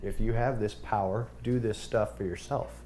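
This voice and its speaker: A man's voice: on the low side, fairly even intonation, normal speed, warm tone, slight background noise. A man leading a group Bible study discussion, talking in a thoughtful, conversational way with fillers and restarts.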